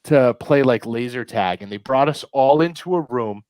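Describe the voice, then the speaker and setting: A man's voice: mid-range voice, expressive, moderate pace, darkish tone, smooth, dry recording. A man from New England hosting a live stream over a headset, telling rambling, profane stories in casual chat. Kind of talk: casual chat with swearing and anecdotes.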